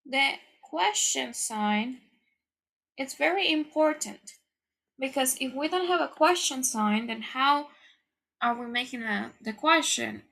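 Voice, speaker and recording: A high-voiced woman explains an English grammar lesson. She speaks slowly and patiently, repeating each key point so learners can follow. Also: expressive, gravelly, bright, forceful tone. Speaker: English teacher. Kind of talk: slow, careful lesson explanation.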